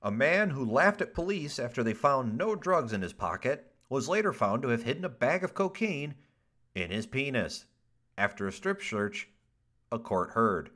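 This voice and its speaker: A man's voice: mid-range voice, normal speed. A man hosting a casual podcast, reading odd news stories aloud with jokes, swearing and laughter. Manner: animated, laughs often, swears, ad-libs jokes.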